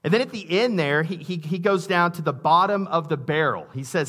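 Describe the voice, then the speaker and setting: A man's voice: a little high, lively intonation, brisk, hardly any pauses, fairly bright tone. A man preaching a sermon in a conversational way, with asides and restarts, reading scripture aloud with emphasis. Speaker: pastor.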